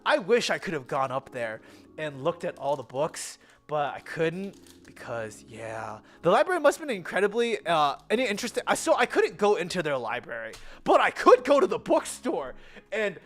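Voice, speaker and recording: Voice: medium pitch, sing-song, moderate pace, soft background music. A young adult with an American accent, chatting casually in a rambling travel vlog, full of fillers and self-corrections. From United States. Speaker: vlogger.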